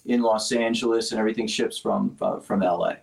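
A man's voice: lowish voice, fairly even intonation, brisk, creaky, darkish tone, rough recording. Man, company founder, casual interview, rambling, technical. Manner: rambling, restarts often, explains technical detail.

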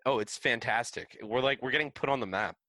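A man's voice: medium pitch, fairly quick, sharp tone, no echo. A young man co-hosting a podcast, chatting in an easygoing, wry way. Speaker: podcast co-host. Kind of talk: casual chat.

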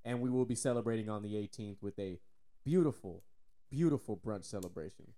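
A man's voice: on the low side, brisk, warm tone. A Texan man co-hosting a casual sports podcast, loose and joking, swearing freely. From Texas. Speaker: podcast co-host.

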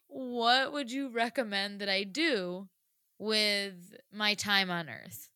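A woman's voice: mid-range voice, steady tone, takes it slowly, bright, forceful tone, clean tone, no room sound. A woman chatting casually on a podcast, giggly and full of fillers. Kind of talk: casual chat.

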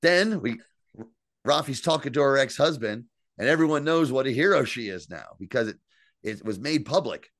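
Profane, animated man recapping an episode. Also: mid-range voice, moderate pace, dry recording, studio quality. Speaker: podcast co-host. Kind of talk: casual recap chat.

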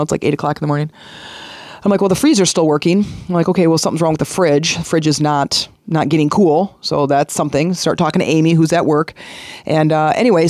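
Low-pitched and darkish, this middle-aged woman's voice carries a self-help podcast. She's earnest and conversational, restating ideas and slipping into sing-song stress. There's no room sound, just a clean studio recording.

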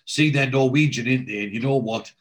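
A man's voice: medium pitch, brisk, close to an everyday voice. Man doing a cheeky young London lad. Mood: cocky.

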